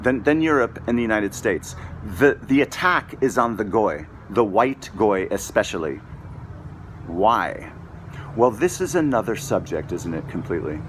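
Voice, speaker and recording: A man's voice: medium pitch, fairly bright tone, slight background noise. A middle-aged man delivering an angry, profane, repetitive rant straight to his viewers as a video blogger. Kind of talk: ranting monologue to camera.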